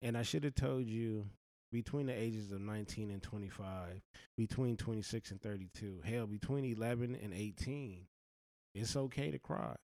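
A man's voice: on the low side, normal speed, mellow, no room sound. A man giving earnest, blunt life advice in a slangy, heartfelt monologue.

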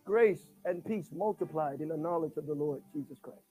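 A man preaching a sermon. He swings between shouted bursts and hushed asides, stuttering on repeated words and calling for replies. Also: fairly high pitch, normal speed, soft background music.

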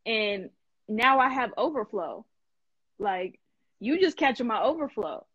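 A woman hosting a live stream in casual chat, animated and emphatic, laughing often and full of slang. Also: fairly high pitch, unhurried, husky, no room sound, lo-fi sound. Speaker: host.

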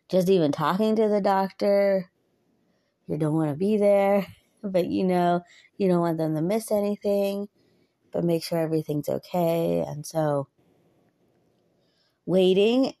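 A woman in her thirties shares her faith in an earnest, chatty way, often breaking into laughter. Her voice sits low and has a gravelly, fry-tinged edge. She speaks slowly, and the sound is dry and close. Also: warm tone, no echo. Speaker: podcaster. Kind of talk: personal faith talk.

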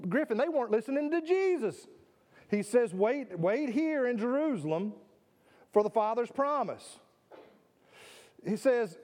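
A pastor delivers a sermon in a church sanctuary, his voice sitting high for a man. He preaches with emphasis, doubling words and putting questions to his congregation. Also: a little mellow.

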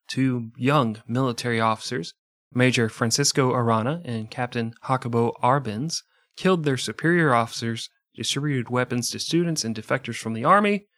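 A man's voice: medium pitch, a bit bright, no room sound, studio quality. A man narrating history as a podcast host, with profane, jokey asides. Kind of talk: irreverent comedic history narration.

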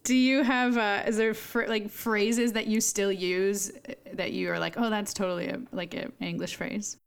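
A woman with a mid-range voice hosting a relaxed podcast conversation. She asks quick follow-up questions and laughs easily at her guest's stories. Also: mid-range voice, creaky, clear, resonant tone. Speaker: podcast host. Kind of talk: casual podcast chat.

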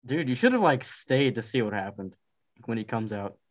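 A young man bantering with a friend, tossing out silly theories and laughing as he goes. His voice sits at an ordinary middle pitch in an easygoing chat. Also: expressive, normal speed. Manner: joking, laughs often, says bro. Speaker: friend in conversation. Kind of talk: casual chat.

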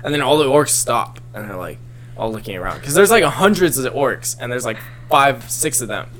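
A man in casual chat who retells a story in a rambling, animated way, full of filler words. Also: mid-range voice, moderate pace, a little hiss or hum.

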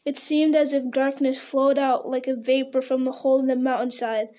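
A woman's voice: high voice, flat delivery, normal speed, dark tone. A woman reading a novel aloud in an unpolished way, stumbling over words and restarting them. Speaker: reader.

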